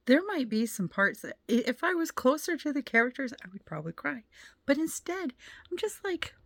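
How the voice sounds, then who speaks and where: A woman chatting casually at home in a book vlog, soft-spoken and often half-whispering. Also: fairly high pitch, no echo. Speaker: book vlogger.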